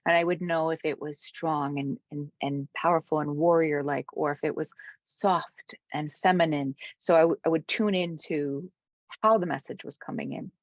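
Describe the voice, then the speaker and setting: A woman guest, a spiritual coach, telling a heartfelt personal story in an interview, dropping to soft whispers at times. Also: deep voice, fairly even intonation, moderate pace, no echo, highs cut off. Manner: earnest, drops to soft whispers for quoted moments.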